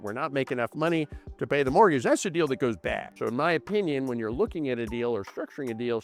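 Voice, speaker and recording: A man's voice: medium pitch, a bit bright. A man explaining deals to listeners in a conversational, emphatic way, often asking questions and answering them himself. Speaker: real estate investor teaching. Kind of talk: explanatory talk.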